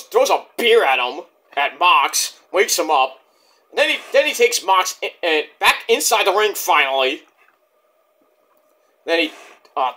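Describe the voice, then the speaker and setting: A man rambling excitably through a casual wrestling review, swearing often. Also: high voice.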